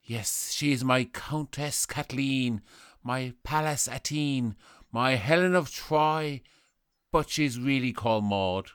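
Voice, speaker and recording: A man's voice: medium pitch, takes it slowly, a bit bright, clean tone, dry recording, clean studio sound. A man doing a dreamy Irish poet in love. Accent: Irish, Sligo. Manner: wistful, speaks in poetic lines. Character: lovesick older male poet, dreamy, single-minded. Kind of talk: comedy sketch acting.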